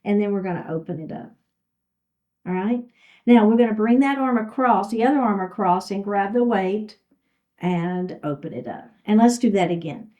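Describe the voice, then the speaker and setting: On a recording with the highs cut off, a mid-range, dark-toned voice at normal speed guides a chair yoga class. The instructor gives encouraging cues for each step, slightly out of breath.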